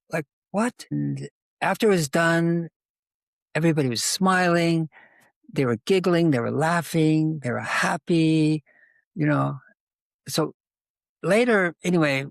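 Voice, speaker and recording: A man's voice: mid-range voice, vocal fry, no room sound. An older man telling a long, rambling story as a guest in an interview, with many asides. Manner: rambling anecdotal storytelling, animated.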